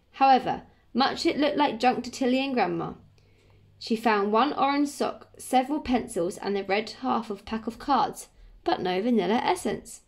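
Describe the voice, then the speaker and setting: A woman teacher with an English accent reading a children's story aloud to her pupils, stopping now and then to explain. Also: mid-range voice. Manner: friendly, explains as she reads. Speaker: primary school teacher.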